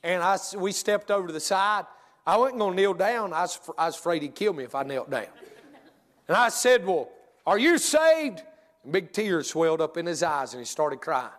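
A man's voice: fairly high pitch, brisk, a bit bright, long reverb tail. A man preaching a sermon, telling a folksy story with stammering restarts and rising to fervent preaching. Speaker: pastor.

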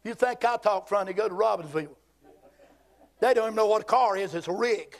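A Southern man in his fifties preaching a fiery, folksy church sermon, swinging between shouts and hushed asides. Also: high-pitched, fairly quick. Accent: Southern American. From Southern United States. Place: church sanctuary.

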